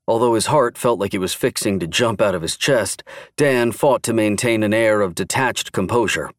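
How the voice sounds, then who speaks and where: A man narrating a thriller audiobook in steady, measured scripted narration. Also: lowish voice, no echo, studio quality.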